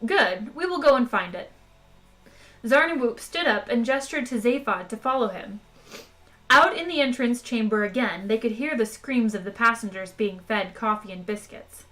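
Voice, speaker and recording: A woman's voice: fairly high pitch, moderate pace. A woman reading a novel aloud on a live stream, then chatting casually with viewers. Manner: relaxed, chatty, with fillers. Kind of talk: read-aloud narration and casual chat.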